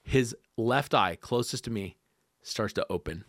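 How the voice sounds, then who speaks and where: A man speaking as a podcast guest, telling a personal story in an animated way, laughing often and acting out what people said. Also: on the low side, a little slow, no room sound, clean studio sound. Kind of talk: conversational storytelling.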